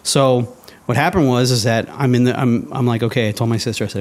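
A man's voice: medium pitch, steady tone, quick pace, a little mellow. A man in an interview, telling a personal story casually and acting out his own past thoughts. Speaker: interview guest.

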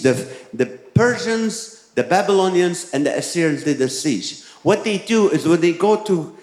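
A male pastor preaching in a roomy, echoing sanctuary, his voice sitting a little higher than most men's. He moves from lively storytelling into emphatic calls to his congregation. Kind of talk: sermon with personal story.

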